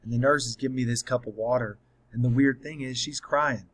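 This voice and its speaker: A man's voice: mid-range voice, fairly even intonation, a little fast, poor audio. A man narrating an audiobook in the first person, telling the story in a plain, earnest way.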